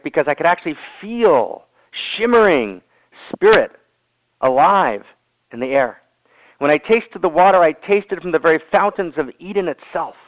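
A man voicing an old Hasidic master in a story, speaking in slow, hushed, awed repetitions. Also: a little high, no room sound, lightly acted. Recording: tinny phone-line audio, dry.

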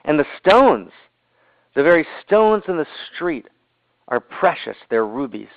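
A man voicing an old Hasidic master in a story, speaking in slow, hushed, awed repetitions. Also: on the high side, sing-song, dry recording. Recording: tinny phone-line audio, dry.

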